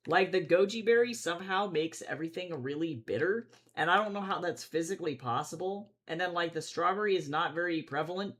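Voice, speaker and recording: A man streaming while he draws comics, chatting casually and rambling, swinging between loud excitement and low mumbling. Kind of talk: casual livestream chat while drawing.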